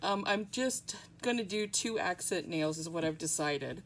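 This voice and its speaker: A rambling, chatty woman with a somewhat low voice talks her way through a home tutorial, full of ums. A faint hum of background noise sits under her. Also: expressive, normal speed, fairly bright tone. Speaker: nail art tutorial host. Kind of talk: casual tutorial chat.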